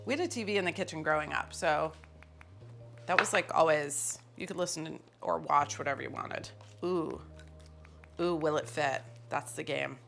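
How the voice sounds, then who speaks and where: A woman's voice: low voice, moderate pace, vocal fry, music in the background. A woman hosting a cooking show, talking casually and poking fun at herself while she cooks in a kitchen. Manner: chatty and self-mocking, with frequent laughs.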